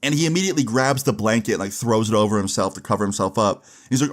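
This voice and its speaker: A man's voice: lowish voice, quick pace. A young man casually telling a long story, rambling with many asides and swearing freely.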